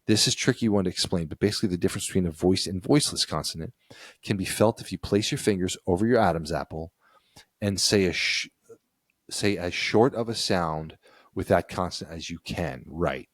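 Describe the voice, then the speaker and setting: A man from the United States co-hosts a relaxed podcast, talking through an article and laughing easily. His voice sits low. The sound is dry and close, with no room around it. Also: a little fast, no room sound. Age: adult with children. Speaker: podcast co-host. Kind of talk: casual explainer chat.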